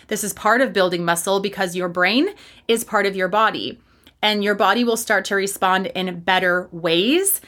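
Woman, solo fitness podcast host: candid, casually profane, emphatic, with a bright, forceful tone. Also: mid-range voice.

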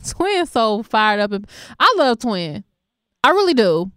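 Brief: young woman radio host, chatty and laughing, smooth clear voice, dry studio sound. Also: a little high, big pitch swings, unhurried, a bit bright, no echo. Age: young adult. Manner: laughing, chatty, affectionate and conversational. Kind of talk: casual talk radio with callers and news.

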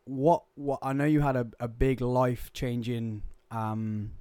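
A man's voice: mid-range voice, little pitch movement, mellow, clean tone, no room sound. A man hosting a podcast, talking conversationally and correcting himself as he asks questions. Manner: conversational, halting, self-correcting. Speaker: podcast host. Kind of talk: casual chat.

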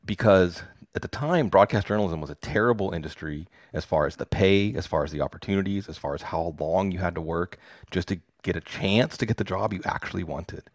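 A man's voice: low-pitched, a little fast, dry recording, studio quality. A man in his forties from Pittsburgh, a fantasy football podcaster telling stories in a casual interview, enthusiastic and self-deprecating.

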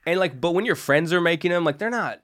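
A man's voice: a little high, expressive, fast talker, fairly bright tone, dry recording, clean studio sound. A man, a comedian guest on a podcast, telling a story in a rambling way full of fillers and swearing.

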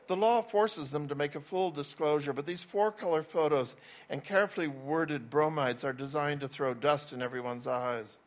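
A man's voice: on the high side, moderate pace, close to an everyday voice. A man reading aloud as a pushy, prying male business writer who questions his hosts bluntly. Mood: lecturing.

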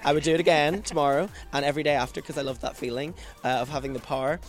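A man's voice: a little high, fairly even intonation, rapid-fire. A Northern Irish man in his twenties, a drag performer telling stories as a guest in a casual interview. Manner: chatty, self-mocking storyteller.

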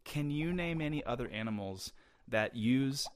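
A man's voice: mid-range voice, expressive, moderate pace. A young man co-hosting a casual science chat for kids, playful and explaining things with jokes. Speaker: co-host.

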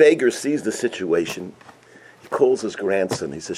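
A man telling a folk tale in a sermon, animated and full of Yiddish and Hebrew terms. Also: low-pitched, normal speed, husky. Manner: animated storyteller, acts out characters, sprinkles Yiddish and Hebrew terms. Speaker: rabbi teaching a weekly Torah portion. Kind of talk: storytelling sermon.

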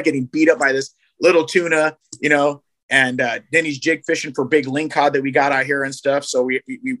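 A man from Southern California in casual podcast chat, telling animated fishing stories full of slang. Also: medium pitch. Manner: fast, animated storytelling with slang. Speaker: guest, fishing program organizer.

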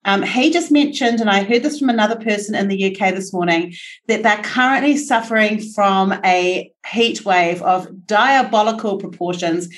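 A woman with a New Zealand accent hosting a casual podcast interview, bubbly and quick to laugh. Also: medium pitch. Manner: chatty and bubbly, laughs often. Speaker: podcast host.

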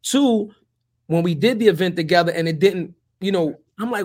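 A man co-hosting a podcast, telling a story in a heated, profane, animated way. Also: high voice, moderate pace. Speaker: podcast co-host. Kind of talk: casual podcast conversation.

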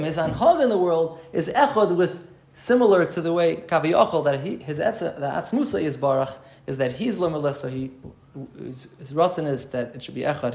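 A man's voice: on the high side, creaky, a little mellow. A man giving an explanatory Torah class, thinking aloud and repeating key phrases as he explains. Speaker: Torah teacher.

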